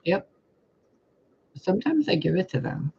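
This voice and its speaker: A man casually telling a story to camera, animated and profane, laughing often as he talks. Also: high-pitched, unhurried, vocal fry, slightly rough, muffled recording. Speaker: spiritual vlogger.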